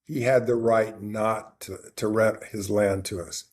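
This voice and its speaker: Guy with a husky voice rambling through a story on a podcast, lots of restarts. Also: on the low side, steady tone, a little slow, darkish tone. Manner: rambling anecdote with many restarts and quoted dialogue. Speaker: podcast co-host. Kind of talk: casual conversation, storytelling.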